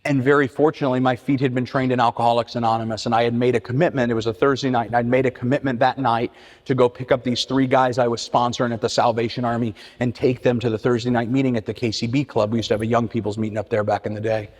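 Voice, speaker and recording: At an AA meeting in a church hall, a middle-aged man shares his personal recovery story, his mid-range voice quick and flat. He's earnest but keeps restarting and repeating words, and the hall's reverb carries through the recording.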